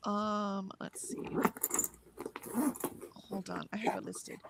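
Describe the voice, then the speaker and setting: A woman co-hosting a livestream, chatting casually and reading viewers' messages aloud with lively lifts in her voice. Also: mid-range voice, takes it slowly, vocal fry, very noisy. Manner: chatty, reads messages with bright lifts, laughs often. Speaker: livestream co-host reading chat.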